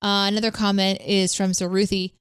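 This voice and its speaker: Podcast lady, chatty, reading comments, dry close mic, mid pitch. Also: flat delivery, brisk, smooth, dry recording. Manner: chatty, reads listener comments. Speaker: podcast co-host. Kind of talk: casual chat.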